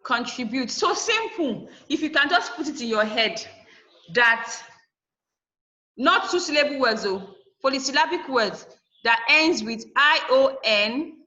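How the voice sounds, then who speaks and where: Woman teacher, bright high-ish voice, slow deliberate drilling, dull lo-fi recording. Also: expressive. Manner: spells out letters and repeats words for drilling. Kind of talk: classroom English lesson.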